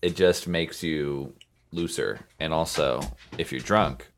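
A man's voice: very deep voice, slow pace, slight background noise. A young man co-hosting a podcast in laid-back casual chat, often agreeing briefly. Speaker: podcast co-host.

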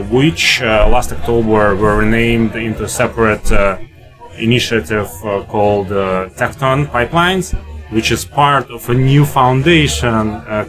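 A man joins a podcast as a guest at a conference and explains technical news. He speaks hesitantly, with frequent fillers. His voice is mid-pitched over faint music. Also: fairly bright tone. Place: conference venue.

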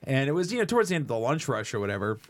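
A man co-hosting a podcast, telling animated stories in casual chat and swearing freely. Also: mid-range voice, very fast. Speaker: podcast co-host.

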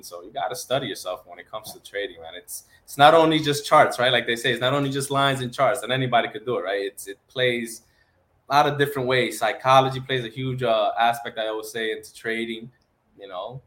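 A man co-hosts a casual trading podcast, chatty and emphatic as he makes his points. He often ends lines with "right?" and "man." His voice sits at an ordinary middle pitch. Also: a bit bright.

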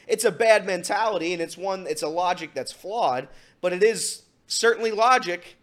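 A male sports talk co-host with a high voice talks through an argument in a studio. He reasons aloud and hedges as he weighs both sides. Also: normal speed, hardly any pauses, a bit bright.

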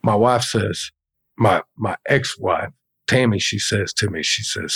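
A man's voice: on the low side, unhurried, fairly bright tone, breathy edge. A man, a business owner telling blunt, profane stories as a podcast guest. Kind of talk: casual storytelling.

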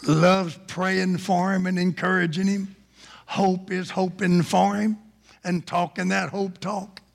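A male preacher delivering a storytelling sermon with animated delivery and bursts of shouting. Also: high voice, slow, vocal fry. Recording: reverberant hall.

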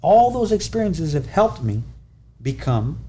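Guy in his 30s chatting about home life, mellow low-key tone, acts out the back-and-forth, bit of faint noise behind. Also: a little slow. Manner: animated, acts out dialogue, laughs while telling. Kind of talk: casual conversational storytelling.

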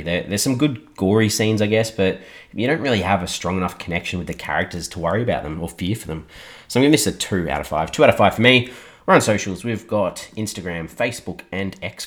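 A man hosting a podcast, casually reviewing a film with a hoarse, partly lost voice and rambling restarts. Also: deep voice. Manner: rambling, thinking aloud with restarts. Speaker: podcast host.

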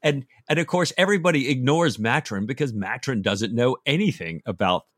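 A man's voice: medium pitch, expressive, brisk, a bit bright, dry recording, clean studio sound. A man co-hosting a book podcast, chatting eagerly and repeating words as he thinks. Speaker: podcast co-host. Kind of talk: conversational book discussion.

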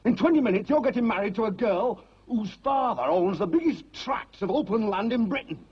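A man's voice: sits high, animated, a little fast, slightly rough. An actor playing a bossy older king and father in a comedy film, lecturing his son. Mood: exasperated. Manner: bossy, scolding. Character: blustering older male castle-lord father. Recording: dull lo-fi film clip.

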